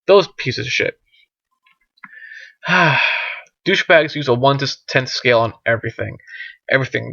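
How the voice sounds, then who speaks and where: A man's voice: medium pitch, fairly bright tone, no room sound. A man delivering a crude, sarcastic comedic rant full of swearing, rambling with fillers and asides. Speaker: comedic vlogger. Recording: dull lo-fi dry recording.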